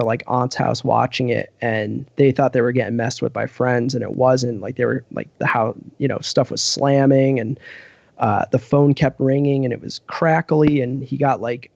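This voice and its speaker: A man's voice: mid-range voice, creaky, a little mellow, no echo, lo-fi sound. A man from Western Massachusetts, a podcast guest, telling a rambling casual story full of "like" and "you know".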